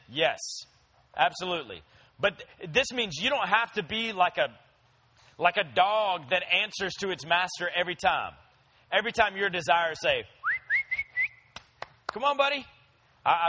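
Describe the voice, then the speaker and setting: Bright-voiced, high preacher man. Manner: conversational preaching with playful animal voices in stories. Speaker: pastor. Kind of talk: sermon.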